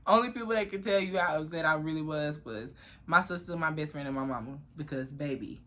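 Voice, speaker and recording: A woman's voice: low-pitched, fairly quick, pushed and bright. A young woman telling a personal story to camera in a chatty, profane way, often addressing viewers as y'all. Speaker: vlogger.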